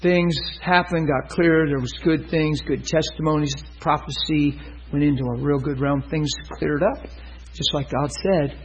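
A man's voice: a little high, fairly even intonation, a little slow, husky, muffled recording. A man preaching a storytelling sermon, acting out the dialogue with laughter.

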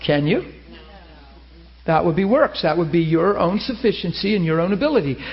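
Male pastor, high voice, animated storyteller, dull lo-fi sermon recording. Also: moderate pace, vocal fry. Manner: animated storytelling, laughing, high excited asides.

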